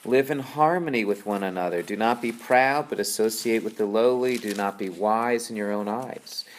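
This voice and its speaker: A man's voice: fairly low pitch, normal speed, slight background noise. A man explaining how to read scripture in an easygoing teaching talk, conversational and full of tag questions and fillers. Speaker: Bible teacher.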